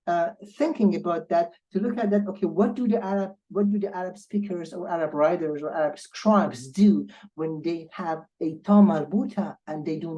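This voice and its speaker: A woman language tutor giving an online lecture, explaining patiently and slowly repeating example words for learners. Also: fairly low pitch, warm tone, rough recording.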